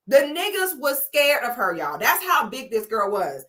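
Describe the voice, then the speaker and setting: Lively high-voiced woman telling stories on a livestream. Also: normal speed. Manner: animated storytelling, acting out quotes, reading viewer comments. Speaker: livestream commentary host. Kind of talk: casual livestream commentary. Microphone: camera or phone mic on a live stream.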